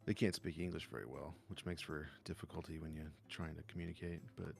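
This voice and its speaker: A man co-hosting a podcast, telling stories in a casual, profane, animated way. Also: rumbling low, fairly quick, creaky, soft background music. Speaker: podcast co-host. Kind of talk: casual storytelling chat.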